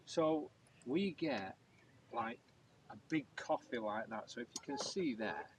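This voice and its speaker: A man's voice: mid-range voice, animated, measured pace, far from the mic, a little hiss or hum. A middle-aged man, chatting in an easygoing way as a motorhome travel vlogger. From England. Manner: easygoing, hesitant with fillers. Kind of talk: casual chat.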